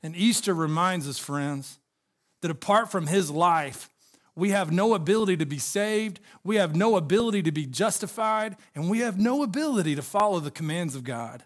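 A man's voice: high voice, expressive, normal speed. A man preaching an Easter sermon, telling stories and addressing the congregation directly. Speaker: pastor.

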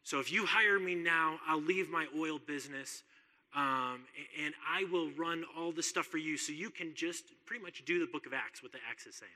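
A preacher putting on a gruff, loud oil executive. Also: male voice, a little high, moderate pace, big-room sound, pitched above the performer's own voice. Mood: businesslike. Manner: loud, forceful, plain-spoken. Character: gruff blunt male oil executive church elder.

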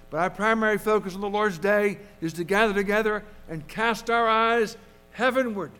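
High-voiced pastor preaching slowly. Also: male voice, a bit bright. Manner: earnest, measured preaching with emphatic repetitions. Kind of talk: sermon.

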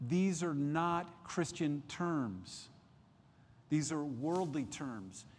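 A man preaching a midweek sermon as pastor, emphatic, rising in pitch and force at key points and often restarting phrases. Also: darkish tone, long reverb tail. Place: church sanctuary.

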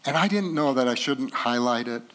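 A middle-aged man preaching a sermon as pastor, rising loud and high at climaxes and dropping soft and slow in tender passages. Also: expressive.

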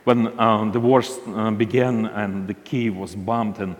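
Low-ish voiced guy, lots of uh and restarts, telling a ministry story, hall echo behind him. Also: level tone. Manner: halting, frequent restarts and fillers. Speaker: ministry leader. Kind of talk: storytelling talk.

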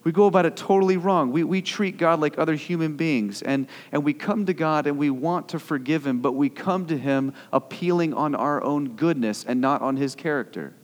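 A man's voice: on the high side, moderate pace, hardly any pauses. Earnest young man preaching in a hall. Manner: conversational preaching, repeats words, rising to earnest intensity. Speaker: pastor. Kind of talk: sermon. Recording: long hall reverb.

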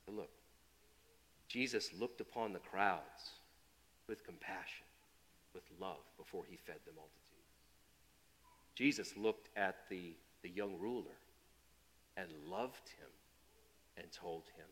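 A man preaching a sermon. His delivery swings from loud, emphatic build-ups to quiet, low asides, and he often repeats and restarts phrases. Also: expressive, takes it slowly, pauses often, in a large hall. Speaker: pastor.

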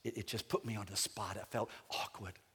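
A middle-aged man preaching a sermon as a pastor, swinging dramatically between loud emphatic lines and quiet intimate ones. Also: on the low side, fairly even intonation, brisk, vocal fry, breathy edge, in a large hall.

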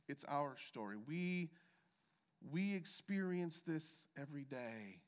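A man delivering a sermon in a high, bright voice, taking his time over every phrase. He pauses deliberately and lets key words sink low for emphasis. His voice carries the long reverb of a large hall. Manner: measured preaching with deliberate pauses and emphatic drops. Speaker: pastor. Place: church sanctuary.

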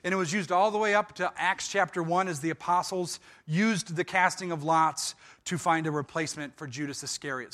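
A man preaching a sermon, walking through a scripture passage with animated storytelling and frequent restarts. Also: a little high. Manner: animated storytelling with dramatized quotes. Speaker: pastor.

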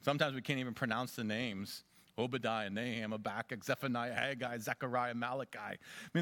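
A man preaching a sermon as a pastor, swinging between loud urging and quiet asides. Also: mid-range voice, steady tone, fairly quick, dry recording.

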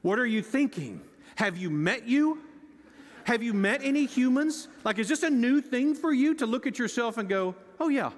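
A man preaching a sermon to a congregation, animated and sarcastic, acting out the voices he quotes. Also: high voice. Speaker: pastor. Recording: long hall reverb.

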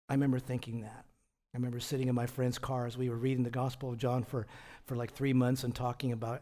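A fast-talking pastor with a medium-pitched, darkish male voice gives a conversational sermon. He keeps answering his own rhetorical questions, repeats words a lot, and chuckles as he moves from point to point.

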